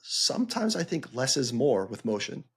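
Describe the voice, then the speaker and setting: A man's voice: mid-range voice, very animated, normal speed, breathy edge. A man co-hosting a casual podcast, talking in a loose, rambling way as he gathers his thoughts. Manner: rambling, many fillers and restarts. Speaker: podcast co-host.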